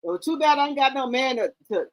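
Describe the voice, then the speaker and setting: High-voiced chatty woman talking to viewers. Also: lively intonation, a little fast, rough recording. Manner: loud, chatty, swears freely, repeats herself. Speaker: gossip channel host. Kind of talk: casual chat to camera.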